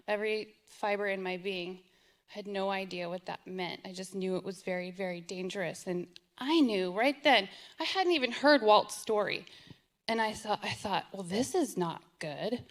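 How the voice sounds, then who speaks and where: A middle-aged woman giving an earnest, emotional personal testimony as a parent, often repeating herself. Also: mid-range voice. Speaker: parent telling her story.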